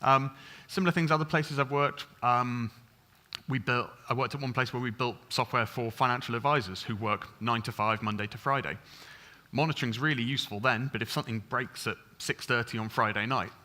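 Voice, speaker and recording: A man giving a conference tech talk, casual and quick, with lots of ums and restarts. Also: medium pitch, pushed and bright. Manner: fast, chatty, full of ums and restarts. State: over-caffeinated. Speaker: conference speaker. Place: conference stage.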